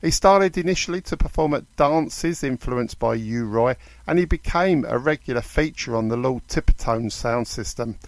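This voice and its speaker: A man's voice: medium pitch, expressive, moderate pace, few pauses, no echo. A man hosting a radio music show, reading artist histories in a lightly conversational way. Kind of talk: radio DJ narration.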